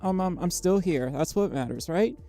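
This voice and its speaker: A tired livestreamer chatting casually with viewers, speaking quietly and haltingly, with lots of fillers and a microphone right up against the mouth inside a costume head. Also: expressive, faint music behind. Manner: quiet, low-energy, halting with many fillers. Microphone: microphone very close to the mouth inside a costume head.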